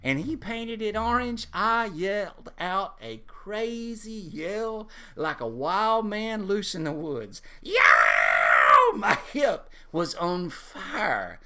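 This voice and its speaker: A man tells a funny personal story in a casual, animated way, chuckling as he goes. His voice is bright and forceful, and his pitch swings widely. The telling is loose and conversational. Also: slow, hardly any pauses, slight background noise.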